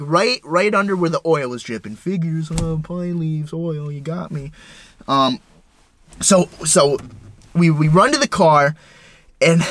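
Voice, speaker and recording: Young guy ranting thru a crazy story, kinda high voice, cursing a lot. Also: no room sound. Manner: excitable, profane, stumbling retelling. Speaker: vlogger. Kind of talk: casual storytelling.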